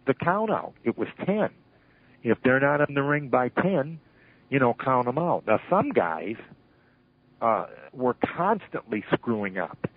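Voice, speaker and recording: An older man, a retired wrestling referee, telling animated stories in an interview and acting out the lines he quotes. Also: medium pitch, a little slow, slightly rough, dry recording. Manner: animated storyteller who acts out shouted quotes. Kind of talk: storytelling interview. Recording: tinny phone line.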